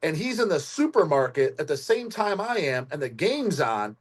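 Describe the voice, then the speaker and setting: Husky, laid-back podcast host. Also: male voice, high voice, very animated, moderate pace. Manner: laid-back, profane, laughs easily. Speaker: podcast host, channel creator. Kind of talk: casual podcast chat.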